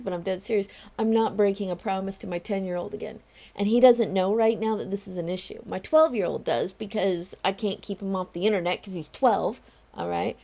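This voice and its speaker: A woman's voice: mid-range voice, gravelly, warm tone. A woman in her forties speaking straight to her viewers in a casual vlog, earnest and emphatic as she reassures them. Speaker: vlogger and home confinement advocate. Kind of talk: casual direct-to-camera vlog.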